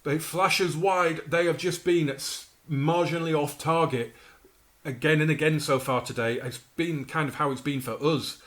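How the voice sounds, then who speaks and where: A man casually narrating his own football management game, with chatty asides and sudden excited outbursts over the action. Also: a little high, normal speed. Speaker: gaming YouTuber. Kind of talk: commentating his own video game playthrough.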